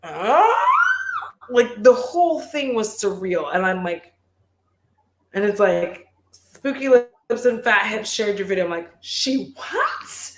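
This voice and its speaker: A woman's voice: mid-range voice, lively intonation, measured pace. A woman beauty creator talks loosely on a live chat, telling rambling stories packed with swearing and filler words. Her voice carries a noticeable room echo around it. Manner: profane, rambling storytelling with lots of "like". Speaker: beauty youtuber. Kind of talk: casual livestream chat.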